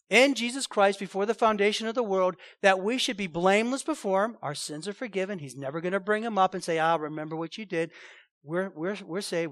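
Man, pastor, emphatic animated sermon, repeats himself, high voice, dry sound. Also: no echo.

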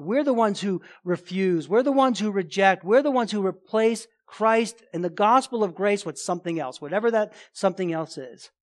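High-voiced man preaching emphatically. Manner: emphatic preaching with rhetorical questions and sudden loud bursts; casual asides like "man" and "right?". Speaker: pastor. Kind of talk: sermon.

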